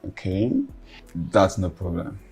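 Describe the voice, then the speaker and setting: A deep-voiced Nigerian publisher. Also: male voice, fairly even intonation, takes it slowly, gravelly, a little mellow, husky, soft background music, heavily acted. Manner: businesslike, persuasive. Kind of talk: film acting.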